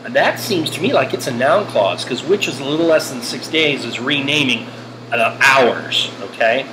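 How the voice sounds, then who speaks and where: Animated joking male English teacher. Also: medium pitch, normal speed. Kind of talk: recorded grammar lesson over slides. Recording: air conditioning hum behind.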